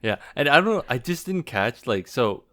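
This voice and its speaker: Relaxed young man co-host, mid pitch. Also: moderate pace. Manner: relaxed, filler-heavy, quotes his own reactions. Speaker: podcast co-host. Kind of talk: casual chat.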